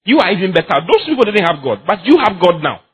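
Emphatic preacher man, husky voice. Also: high-pitched, big pitch swings, fast. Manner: emphatic, repeats phrases, laughs often. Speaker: pastor. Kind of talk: sermon.

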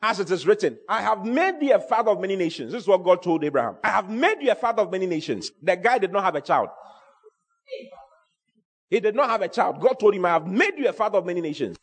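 Male preacher, high and lively voice, reverberant hall. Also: quick pace, husky. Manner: animated, emphatic preaching with repeated phrases. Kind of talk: sermon.

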